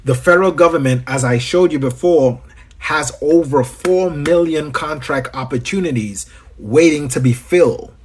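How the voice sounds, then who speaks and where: A man's voice: a little high, normal speed, a little hiss or hum. A man from Trinidad with a Trinidadian accent, coaching on a livestream Q&A. He is chatty, greets viewers by name and repeats his phrases. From Trinidad and Tobago. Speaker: business coach.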